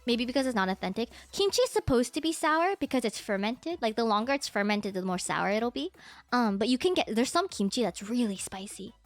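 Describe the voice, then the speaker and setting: Streaming with faint background music, a young adult woman from the United States keeps the chat casual, giggling often and copying her parents' exclamations. Her voice is on the high side, expressive and fairly quick, with no echo.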